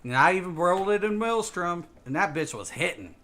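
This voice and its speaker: A man's voice: high voice, lively intonation, brisk, sharp tone. A man streaming a game, ranting casually and swearing often as he repeats himself. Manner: ranting, profane, repetitive. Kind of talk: casual gaming stream talk.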